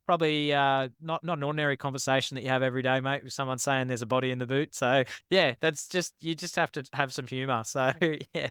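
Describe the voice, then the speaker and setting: A man's voice: mid-range voice, fairly even intonation, brisk, few pauses, a bit bright, clear, resonant tone, no room sound, studio quality. A man, a podcast guest telling personal stories in a frank, rambling, self-deprecating way. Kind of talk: candid personal storytelling.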